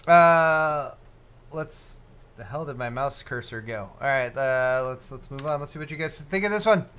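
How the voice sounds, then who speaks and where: A man's voice: medium pitch, moderate pace, fairly bright tone, slight background noise. A man co-hosting a live tech stream, chatting casually and rambling, with lots of fillers and restarts. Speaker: co-host of a live tech show.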